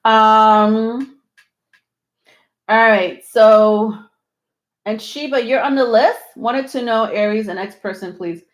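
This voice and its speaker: A woman's voice: on the high side, slow, pauses often. Breathless woman reading tarot live. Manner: reassuring, rambling with many ums. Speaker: tarot reader hosting a livestream. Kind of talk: live tarot reading, casual chat to viewers.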